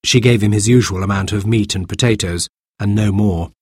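A man reading a children's storybook aloud in an expressive way. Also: on the low side, fairly quick, husky, dry recording, studio quality. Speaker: narrator.

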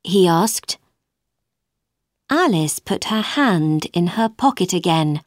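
Brief: woman narrator for a children's storybook, careful and deliberate, very slow. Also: fairly low pitch, expressive, dry recording, studio quality. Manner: careful, evenly paced reading.

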